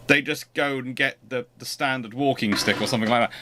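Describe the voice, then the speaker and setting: A man's voice: medium pitch, fairly quick, hardly any pauses, pushed and bright, a little hiss or hum. A man hosting a livestream, chatting casually and rambling with frequent restarts. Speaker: host.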